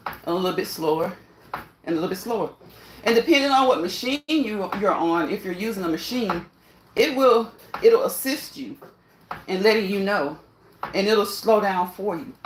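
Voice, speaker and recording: Poor audio captures a woman of medium pitch vlogging while exercising on an indoor machine, in an echoey room with some hiss or hum. Slightly winded, she speaks animatedly at a moderate pace with long pauses, laughing often, repeating herself, and urging viewers on.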